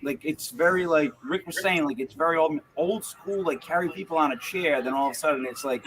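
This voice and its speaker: Man, podcast host, rambling and joking, bright forceful tone, slightly high voice. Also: fairly quick, rough recording. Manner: rambling, joking, many restarts. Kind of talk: casual podcast chat.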